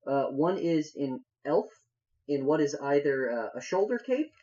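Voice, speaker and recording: Mellow man running a tabletop game. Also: fairly high pitch, sing-song, dull audio. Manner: halting, many fillers. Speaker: game master.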